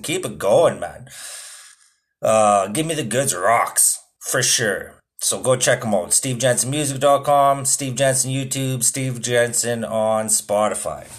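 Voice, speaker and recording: A man hosting a podcast, chatting casually with a loose, rambling delivery and frequent swearing. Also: mid-range voice. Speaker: podcast host. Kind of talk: profane casual podcast chat.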